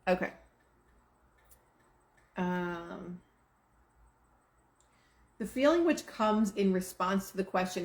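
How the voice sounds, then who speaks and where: This is a woman teaching manifesting in a relaxed, rambling way, full of "like" and restarts. Her voice sits in a middle register. She records on a home setup, and the sound bounces with a noticeable room echo. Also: medium pitch, measured pace, pauses often. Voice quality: relaxed, chatty, many fillers like "like". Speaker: host of a manifesting livestream. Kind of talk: casual spoken teaching. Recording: roomy echo.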